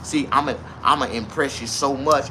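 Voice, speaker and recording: A man's voice: mid-range voice, fairly even intonation, moderate pace, background noise. A man in his forties telling a crude, rambling comic story who often laughs at his own punchlines. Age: 40s.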